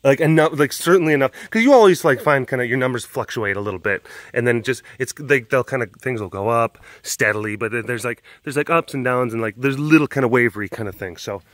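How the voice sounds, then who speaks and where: A man's voice: mid-range voice, fast, hardly any pauses, no echo. A young man vlogging casually from an animal sanctuary, rambling with lots of fillers. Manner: rambling, lots of fillers, drops to a soft coo when talking to the cats. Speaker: big cat sanctuary vlogger. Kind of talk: casual chat to camera.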